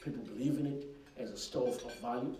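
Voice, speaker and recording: A man's voice: mid-range voice, fast, warm tone. Man in an echoey hall. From Zimbabwe. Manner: frank and emphatic, with many restarts and repeated words. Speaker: finance minister. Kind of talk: answering questions at an investor forum. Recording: echoey conference room, distant mic, faint noise.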